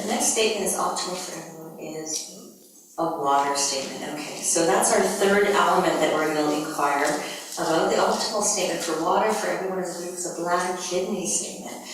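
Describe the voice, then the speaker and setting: A woman facilitates a live group energy workshop in a large conference hall, explaining things to a big audience in an upbeat, conversational way. Her voice is lowish and a bit bright, with slight background noise, heard from afar in the echoey hall.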